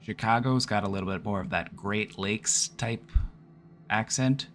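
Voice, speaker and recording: A man's voice: lowish voice, steady tone, moderate pace, faint music behind. A man from the Midwest with a Midwestern accent, chatting casually on a live stream as an online therapist, rambling and restarting his sentences. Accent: Midwestern American. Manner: rambling, repeats words and restarts.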